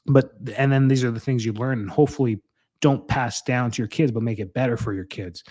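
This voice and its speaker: A man's voice: medium pitch, a little fast, darkish tone. A man in his thirties hosting a solo podcast, talking in an earnest, rambling way and often correcting himself. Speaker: podcast host. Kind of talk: casual solo podcast talk.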